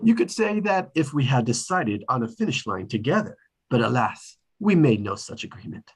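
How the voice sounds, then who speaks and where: A man reading a charming, teasing young aristocrat at a table read, with a husky voice. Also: mid-range voice, very animated, normal speed.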